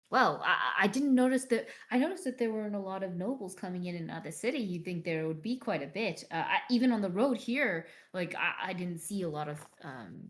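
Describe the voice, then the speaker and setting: Speaking at a medium pitch with a light touch of acting, this woman voices a tired, aimless former bodyguard in a tabletop game. Her in-character speech is courteous, halting and meandering.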